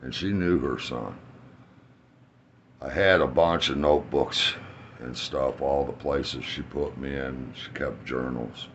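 A middle-aged man with a very low, deep voice rambles through profane family stories and chuckles at his own punchlines. The sound is dull and lo-fi, with a faint hum of ambience behind him. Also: takes it slowly. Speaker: vlogger telling life stories. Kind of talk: casual storytelling.

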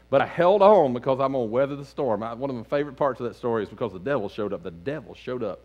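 A man preaching a sermon as lead pastor in a church sanctuary, animated, swinging between loud outbursts and hushed lines. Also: mid-range voice, fast talker, muffled recording.

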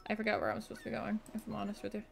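A woman's voice: mid-range voice, rapid-fire, creaky. A woman streamer giving casual, profanity-laced commentary while playing a video game. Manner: swearing, animated and reactive. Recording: faint music behind.

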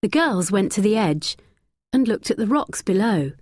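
A woman narrating a graded-reader story slowly, clearly and expressively. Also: mid-range voice, big pitch swings, darkish tone, no echo, studio quality.

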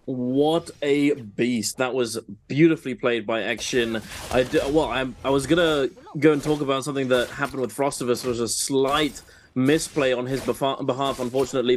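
A man's voice: medium pitch, fairly even intonation, normal speed, a little hiss or hum. A man doing esports color commentary, chatty and explanatory, with a wry, sarcastic streak and plenty of fillers.

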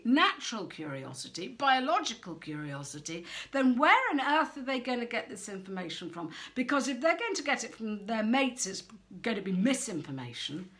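Frank, animated woman parenting coach. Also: fairly high pitch. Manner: frank and animated, acts out quoted voices. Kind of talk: direct-to-camera advice talk.

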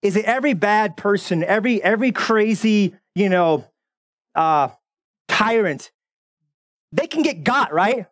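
A man preaching a sermon as the pastor, animated and sarcastic, often repeating words as he builds up. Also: high voice, measured pace, long pauses.

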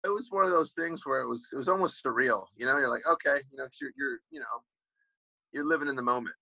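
A man in his forties with a husky, forceful voice talks fast as an interview guest. His stories wander, packed with "you know" fillers and restarts. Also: medium pitch, no room sound, low-quality recording. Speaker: guest, former pro football player. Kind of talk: casual interview talk.

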